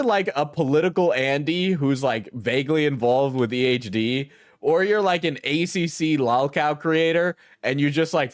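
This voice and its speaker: A man's voice: mid-range voice, dry recording, studio quality. A man streaming casual commentary in a rambling, profane way, with frequent laughter.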